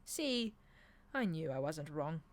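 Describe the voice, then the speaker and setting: A woman's voice: low voice, big pitch swings, takes it slowly, heavily acted. A woman reading aloud and voicing a sardonic, snappish male demon in an audiobook reading.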